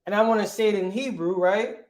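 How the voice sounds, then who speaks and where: A man's voice: high-pitched, a little mellow. Casual man teaching in an echoey room. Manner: casual, repeats "right?" often, pauses to look things up. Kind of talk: informal Bible language lesson.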